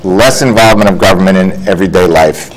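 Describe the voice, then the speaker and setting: A man speaking as a guest on a political panel, summarizing positions in a measured way. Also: low voice, low-quality recording. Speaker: guest commentator. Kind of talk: political discussion. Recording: faint background noise.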